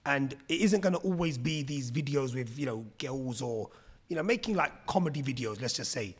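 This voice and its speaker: A man's voice: mid-range voice, lively intonation, normal speed, crowd noise. A man hosting a podcast, asking loose questions in a laid-back way and often calling his guest "bro". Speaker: podcast host. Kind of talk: casual podcast interview.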